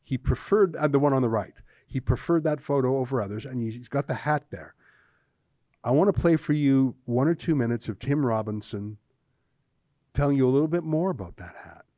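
A man's voice: medium pitch, expressive, brisk, warm tone, no echo. A man hosting a casual political panel, talking wryly with frequent restarts. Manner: wry, rambling with restarts. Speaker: host.

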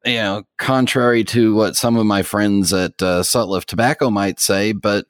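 Middle-aged male podcast co-host, low voice, dry studio sound, rambling and self-deprecating. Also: fairly even intonation, moderate pace, dry recording. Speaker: podcast co-host, pipe tobacco expert. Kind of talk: casual podcast chat.

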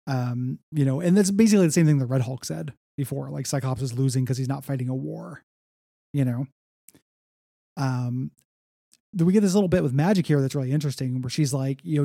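A man's voice: mid-range voice, fairly quick, gravelly, mellow, dry recording, clean studio sound. A man co-hosting a casual comics podcast, recapping story beats in a rambling way with lots of fillers and quoted lines. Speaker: podcast co-host.

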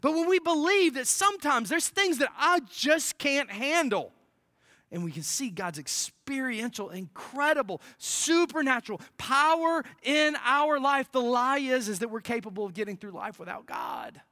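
Pastor, sermon, emphatic repetition, sudden hushed asides, crisp bright tone, dry close sound. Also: high voice, animated, moderate pace, no room sound. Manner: swings from forceful declarations to hushed near-whispers; emphatic, repeats key phrases.

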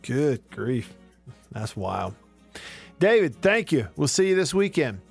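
A man's voice: mid-range voice, big pitch swings, slow, gravelly, husky, faint music behind. A man, hosting a radio talk show and telling stories in a chatty, self-mocking way from a studio. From Alabama. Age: 30s. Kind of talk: casual radio talk and storytelling.

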